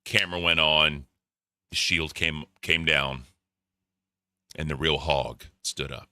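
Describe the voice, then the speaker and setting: A man's voice: extremely low pitch, fairly even intonation, takes it slowly, pushed and bright, clean tone, no room sound, clean studio sound. A man co-hosting a casual commentary chat, talking bluntly with lots of swearing and repeats. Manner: blunt, profane, repetitive. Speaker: co-host.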